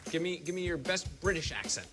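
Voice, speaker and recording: Lively, teasing game show host man. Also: on the high side, fast talker. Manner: playful, teasing with deadpan jokes. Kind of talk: quick interviews with contestants on a TV game show. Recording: loud game show music behind.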